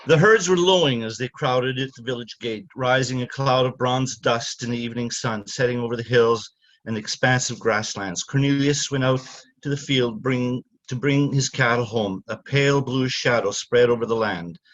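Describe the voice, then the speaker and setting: An older man from Canada, an author speaking haltingly with many fillers, then reading from his novel. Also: medium pitch, a bit bright, highs cut off.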